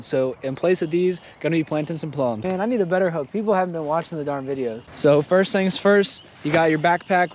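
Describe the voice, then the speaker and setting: A man's voice: fairly high pitch, a little mellow, a little hiss or hum. A man casually vlogging outdoors, chatty and joking as he explains planting trees. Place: outdoors in fields.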